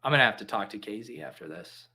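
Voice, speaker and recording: A man's voice: mid-range voice, fast, creaky, sharp tone, breathy edge. A young man hosting a live stream, chatting casually in a jokey, rambling, caffeinated way. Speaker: livestream host. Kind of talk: casual livestream chat.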